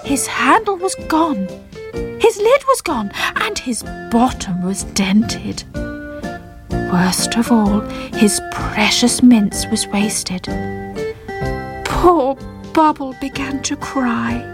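A woman reads a children's story aloud, taking her time over each line. Her voice sits high and light. Guitar music plays clearly behind her. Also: big pitch swings, slow pace.

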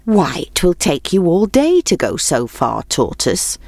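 Boastful male hare for a storybook read, quick and cocky, low-voiced, voiced by a woman, close dry read. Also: sing-song, darkish tone, no echo, full character voice.

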